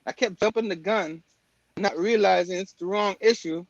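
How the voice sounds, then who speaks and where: A man's voice: high voice, moderate pace, no room sound, highs cut off. A man hosting a casual comic book talk show, rambling with lots of fillers and restarts. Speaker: podcast host. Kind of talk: casual chat.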